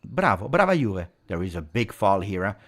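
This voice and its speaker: A man hosting a live football watch-along, reacting to the match as it unfolds, swinging from low muttering to loud shouting. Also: big pitch swings, normal speed.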